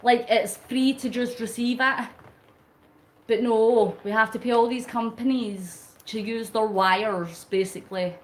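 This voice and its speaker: A woman's voice: on the high side, fairly even intonation, a little slow. A middle-aged woman, chatting casually on a live stream while cycling, laughing often and answering her chat. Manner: chatty, laughs often, reads out viewer comments; talks while pedalling on a bike.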